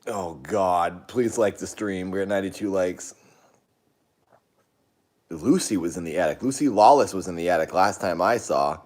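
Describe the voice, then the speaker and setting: A man hosting a casual live stream, rambling to his chat with sudden excited outbursts. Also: low-pitched, normal speed.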